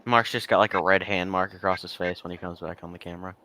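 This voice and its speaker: A man co-hosting a casual group stream, dropping deadpan wisecracks. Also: deep voice, fast. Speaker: podcast co-host.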